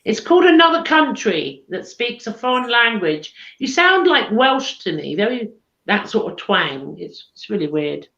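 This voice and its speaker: A woman's voice: medium pitch, very animated, moderate pace, creaky, a bit bright. A woman co-hosting a casual live chat show, chatty and teasing, laughing often. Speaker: co-host. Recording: echoey room, dull lo-fi stream audio.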